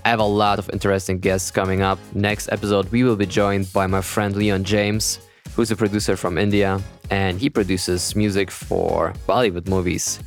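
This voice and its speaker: A man with a German accent hosting a casual podcast, upbeat and halting, often repeating words as he talks. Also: low voice, level tone, faint music behind. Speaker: podcast host.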